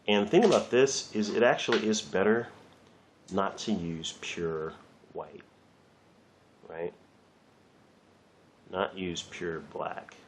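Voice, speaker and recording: Gravelly, deep-voiced man, chatty art teacher; faint room noise. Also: slow, pauses often. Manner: rambling, chatty, swears lightly, laughs at himself. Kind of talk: casual drawing lesson.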